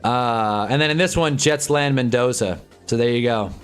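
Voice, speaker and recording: A man hosting a live stream, chatting casually and sarcastically in a rambling, animated way, reading chat and reacting as he goes. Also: medium pitch, moderate pace, clean tone, faint music behind. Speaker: livestream host.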